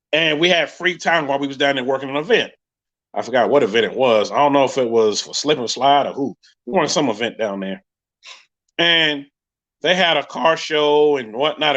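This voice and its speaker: A man with a New York accent chats on a live podcast stream, fast and hyped, talking straight to his viewers. His voice sits a little high. The audio is dull and lo-fi. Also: fairly bright tone. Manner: hyped, talkative, addresses viewers directly. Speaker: podcast host. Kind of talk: casual live-stream chat.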